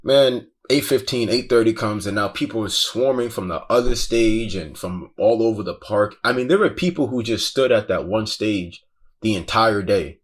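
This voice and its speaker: Male guest, lowish voice, casual profane storyteller, intense. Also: normal speed. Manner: profane, slangy, keeps saying "bro"; intense, breathless retelling. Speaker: guest recounting a festival crowd crush.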